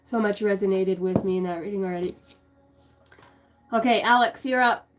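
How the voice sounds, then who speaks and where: A tarot reader on a livestream speaks at a moderate pace in a medium-pitched voice. Her collective reading is casual and wandering, full of fillers and easy swearing, and she addresses chat as she goes.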